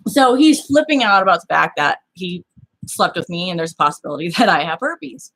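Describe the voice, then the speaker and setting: A woman's voice: lowish voice, a little fast. A woman telling a personal story in casual chat, blunt and freely profane, acting out the people she quotes. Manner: animated, acts out the people in her story.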